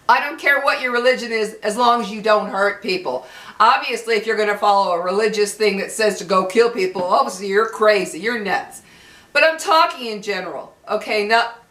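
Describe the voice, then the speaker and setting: Angry older woman ranting, bright voice. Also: a little high, reverberant. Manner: heated, cursing, emphatic, repeats herself. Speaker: vlogger. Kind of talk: angry rant to camera.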